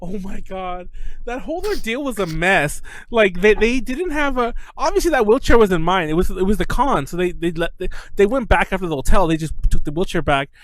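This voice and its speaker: A man hosting a podcast, telling a story in casual chat, animated and swearing often. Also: sits high, a little fast, no echo. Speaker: podcast host.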